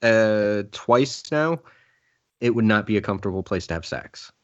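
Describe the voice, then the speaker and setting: A man's voice: fairly low pitch, lively intonation, normal speed, lo-fi sound. An easygoing, upbeat man chatting during a casual movie commentary. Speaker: podcast co-host.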